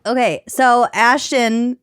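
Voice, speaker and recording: Minnesotan woman co-host, higher pitch, giggly and playful, dry close sound. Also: fairly even intonation, slow pace, fairly bright tone, clear, resonant tone, dry recording. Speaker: podcast co-host. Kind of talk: casual chat.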